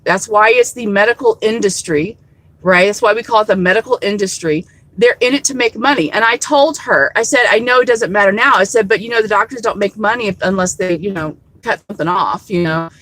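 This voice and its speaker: A woman's voice: fairly high pitch, a bit bright, dry recording, rough recording. A woman vlogger telling a story to her viewers in a rambling, candid way, swearing freely. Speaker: activist vlogger.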